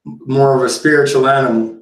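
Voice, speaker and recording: A man's voice: mid-range voice, steady tone, a little fast, reverberant, poor audio. A man hosting a livestream, chatting casually and meandering with lots of ums. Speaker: livestream host reacting to a video. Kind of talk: casual rambling chat.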